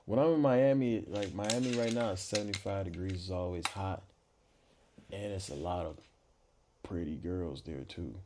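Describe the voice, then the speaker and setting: A man's voice: deep voice, moderate pace, noisy background. A man in his twenties, a podcast guest, chatting casually in a laid-back, slangy, playfully boastful way. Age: 20s. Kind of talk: casual chat.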